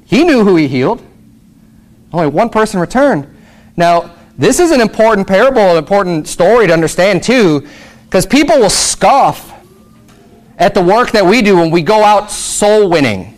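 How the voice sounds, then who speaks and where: A man's voice: high voice, expressive, normal speed. A man preaching a sermon as pastor, reading scripture aloud and explaining it in casual asides, pushing up to emphatic peaks with rhetorical questions.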